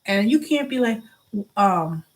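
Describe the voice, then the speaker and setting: A woman's voice: medium pitch, slow. A middle-aged woman hosting a casual vlog, venting animatedly and often restarting and repeating herself. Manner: animated venting, acts out quoted voices. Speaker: show host.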